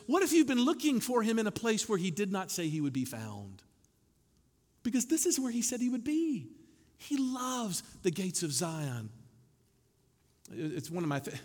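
A man preaching a sermon to his congregation as pastor, animated, with wry asides. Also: high voice. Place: church sanctuary. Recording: long hall reverb.

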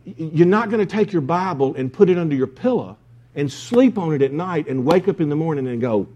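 Male pastor, sermon delivery, lively intonation, mellow tone, emphatic and repetitive. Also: fairly high pitch, brisk, dull audio. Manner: emphatic, repeats key phrases.

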